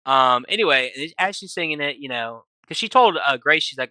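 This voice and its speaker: A man's voice: on the high side, expressive, brisk, sharp tone, clear, resonant tone, no room sound. A man giving a casual, rambling film review, retelling scenes and quoting characters, full of "like" and "you know". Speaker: movie reviewer.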